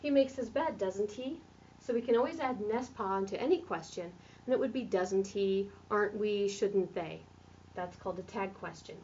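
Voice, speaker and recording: A woman's voice: mid-range voice, a little mellow, a little hiss or hum. Woman, French teacher, step-by-step explanations, far from the mic, muffled sound. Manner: explains step by step, writing on a board. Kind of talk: classroom grammar lesson. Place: classroom at a board. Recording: distant lo-fi classroom recording.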